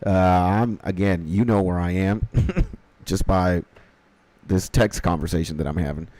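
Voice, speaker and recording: A man's voice: low-pitched, a little slow, a little mellow, dry recording, low-quality recording. A young man streaming a game, chatting casually with viewers, swearing freely and reading quest dialogue aloud. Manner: swears casually, greets chat viewers by name.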